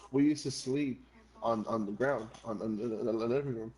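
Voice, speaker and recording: A man's voice: medium pitch, measured pace, mellow, low-quality recording. A young man telling a long story while gaming on stream. He rambles, curses often, says "bro" constantly and slips between English and Spanish. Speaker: gamer streamer.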